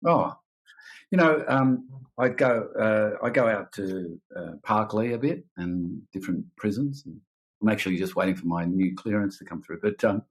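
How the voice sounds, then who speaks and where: An older man with an Australian accent, a guest musician speaking in a halting, reflective way. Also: on the low side, animated, husky, poor audio. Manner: halting, reflective, with many fillers and restarts. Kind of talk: candid conversation.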